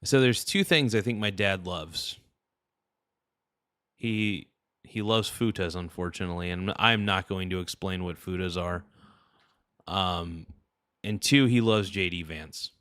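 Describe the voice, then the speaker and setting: A man's voice: low-pitched, measured pace, pauses often, a bit bright, dry recording. Guy streaming, rambly and jokey, crude humor, dry close sound. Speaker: livestream host. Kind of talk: casual livestream chat.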